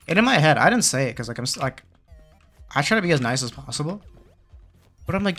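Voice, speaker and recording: A man's voice: fairly high pitch, very animated, quick pace, long pauses, a bit bright, faint music behind. A young man hosting a gaming channel, telling a story in casual slang with lots of fillers, then muttering along as he plays. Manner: muttering game commentary. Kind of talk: casual chat while playing a game.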